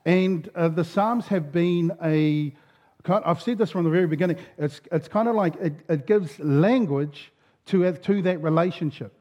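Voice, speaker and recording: A pastor preaches in a loose, chatty way, stumbling and restarting often. His voice sounds worn and sits high for a man. The recording is dull and lo-fi. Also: measured pace, a little mellow. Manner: casual storytelling, many fillers and restarts. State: voice going. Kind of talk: sermon.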